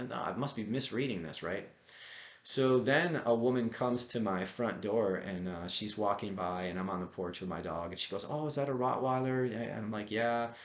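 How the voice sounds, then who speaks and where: Middle-aged guy, very low voice, rambling story full of ums, echoey room. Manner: rambling, many fillers and restarts. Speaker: qigong teacher and vlogger. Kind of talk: casual personal storytelling.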